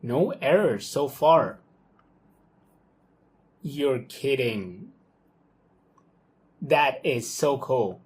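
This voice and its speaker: A young man talks through his work live at his desk. His voice sits at a middle pitch, loose and excitable. He thinks aloud, filling gaps with okays and ums. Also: very slow, long pauses. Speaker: software developer talking through his workflow. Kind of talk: casual live screen-recorded walkthrough.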